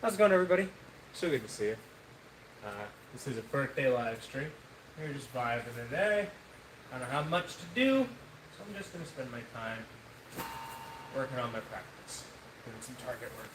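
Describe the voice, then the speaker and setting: A man's voice: medium pitch, animated, normal speed, long pauses, distant mic. A man hosting a casual live stream, chatting and thanking viewers between practice throws. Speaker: livestream host. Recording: echoey room with noise.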